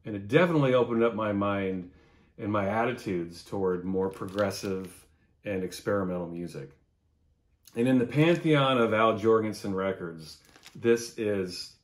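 Chatty man reviewing records. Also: fairly low pitch. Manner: enthusiastic, chatty, swears casually. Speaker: music vlogger.

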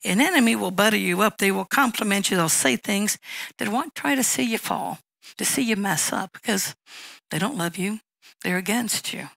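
Gravelly woman pastor preaching. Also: mid-range voice, expressive, moderate pace, a bit bright, no echo, low-quality recording. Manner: conversational teaching, reads scripture aloud, acts out little dialogues. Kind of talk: sermon.

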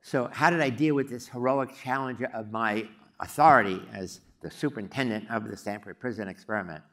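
Brief: older male professor, mid-range voice, halting storytelling talk with lots of fillers. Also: mid-range voice, a bit bright. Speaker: psychology professor giving a talk. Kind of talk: storytelling lecture.

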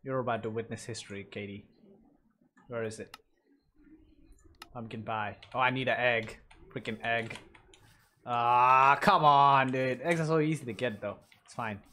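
A young man giving casual let's-play commentary, mumbling asides and bursting into loud yelps and cheers. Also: medium pitch, a little slow, pauses often, a little hiss or hum. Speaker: gaming commentator.

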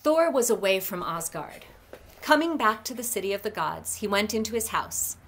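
Brief: library storyteller, woman, measured expressive read-aloud. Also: medium pitch.

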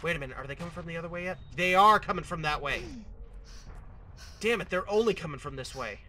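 A man commentating his own gameplay, talking to himself, fretting and then hyping himself up with mock-dramatic shouts. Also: fairly high pitch, animated, quick pace, slight background noise. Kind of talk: let's play commentary. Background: game music.

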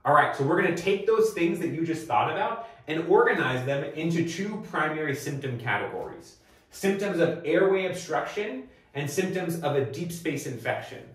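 A man giving a recorded medical lecture, explaining clinical signs in a clear, methodical way and prompting the viewer with questions. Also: on the high side, animated, normal speed, very echoey, far from the mic, poor audio. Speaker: medical educator.

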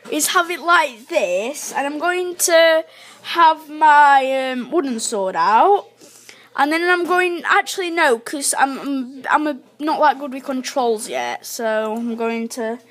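Woman gamer, high voice, unhurried chatty self-commentary with excited yelps. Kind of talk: live gameplay commentary.

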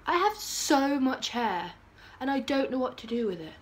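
A woman's voice: sits high, lively intonation, moderate pace. A teenage girl, chatting casually in a bubbly, giggly vlog style with dramatic outbursts. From United Kingdom. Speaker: vlogger.

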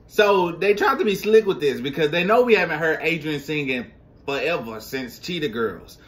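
Animated, slangy male reaction vlogger. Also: fairly high pitch, normal speed. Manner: animated and slangy, talks straight to viewers. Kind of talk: casual reaction vlog.

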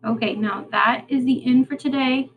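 A woman teacher reading a novel aloud to her class, unhurried and plain, with small slips and restarts. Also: high-pitched, dull audio, slight background noise.

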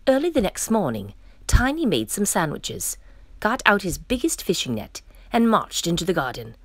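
A woman reading a children's picture book aloud in an expressive, playful way. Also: medium pitch, moderate pace, breathy edge, no room sound. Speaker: storyteller. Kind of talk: children's story read-aloud.

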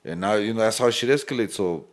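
Deep-voiced El man, swearing freely. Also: quick pace. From El Paso, Texas. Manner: profane, streetwise storytelling mixed with Spanish slang. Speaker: podcast guest. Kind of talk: casual podcast chat.

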